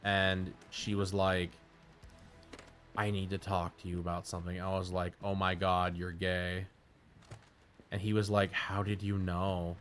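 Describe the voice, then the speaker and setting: A man's voice: sits low, flat delivery, moderate pace, fairly bright tone, slight background noise. A man streaming live, telling rambling, profane stories in casual chat.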